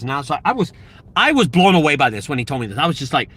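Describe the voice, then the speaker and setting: A man telling a story in a casual, slangy live video, animated and excitable. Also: on the high side, racing, slightly rough, rough recording. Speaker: junk removal business owner and channel host.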